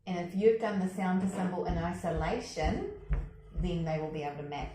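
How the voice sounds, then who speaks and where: A woman's voice: fairly low pitch, a little fast, very echoey, noisy background. A woman co-presenting a workshop, explaining to attendees with emphatic stress on key points.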